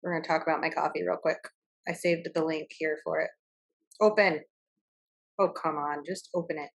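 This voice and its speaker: Chatty low-voiced woman podcaster. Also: steady tone, moderate pace, gravelly. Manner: chatty, laughs often, many fillers. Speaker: podcast co-host. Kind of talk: casual chat.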